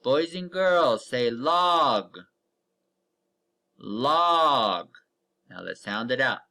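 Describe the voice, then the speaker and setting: A man teaching young children to read in a recorded online lesson, stretching out each word slowly and giving patient step-by-step cues. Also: medium pitch, expressive, pushed and bright. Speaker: elementary reading teacher.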